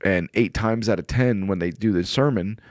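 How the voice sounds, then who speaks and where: Deep-voiced earnest man in his forties. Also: moderate pace, dry recording, clean studio sound. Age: 40s. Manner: earnest, rambling, often quotes himself. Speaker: podcast guest. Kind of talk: casual conversation. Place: studio.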